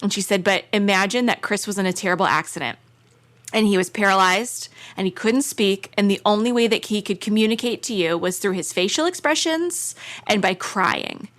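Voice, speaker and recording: A woman's voice: mid-range voice, moderate pace, a bit bright. Earnest, frank woman telling stories. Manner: earnest storyteller, candid and frank. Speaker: podcast guest. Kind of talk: casual chat.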